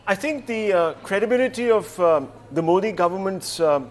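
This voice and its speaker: A man giving measured, analytical commentary as a studio panelist on a news show. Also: high voice, lively intonation. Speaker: consulting editor, studio panelist.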